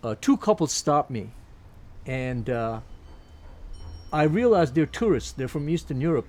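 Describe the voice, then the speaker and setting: A man around eighty from Turkey, telling lively stories from his career as a jazz pianist and voicing the people he quotes. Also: fairly high pitch, a little slow, pauses often. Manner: lively anecdotes, quotes people in put-on voices, frequent restarts. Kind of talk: reminiscing storytelling.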